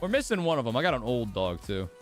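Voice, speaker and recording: A man's voice: medium pitch, very animated, fast talker, soft background music. Chatty young streamer guy. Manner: rambling, laughs often, talks to chat. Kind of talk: casual livestream chat.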